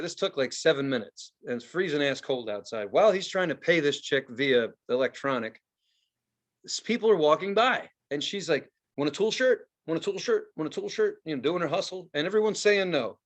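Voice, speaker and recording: A man co-hosting a podcast, telling a story in casual chat, swearing a lot and acting out quotes loudly. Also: on the high side, fairly quick. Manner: profane, animated storytelling with loud acted-out quotes. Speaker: podcast co-host.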